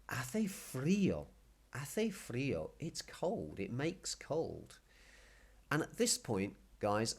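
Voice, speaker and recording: Slow, lively man teaching Spanish. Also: on the low side. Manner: patient, explains slowly and repeats words. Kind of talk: casual video language lesson.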